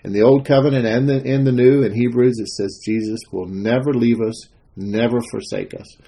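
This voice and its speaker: A man's voice: mid-range voice, steady tone, normal speed, warm tone, breathy edge. A man giving an informal devotional talk as a minister, telling a story with many fillers and restarts. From Texas.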